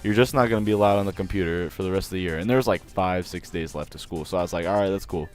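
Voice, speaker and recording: A man's voice: low voice, rapid-fire, a little mellow, soft background music. A man telling a story from school days in a casual, rambling way, laughing often and restarting sentences. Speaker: vlogger.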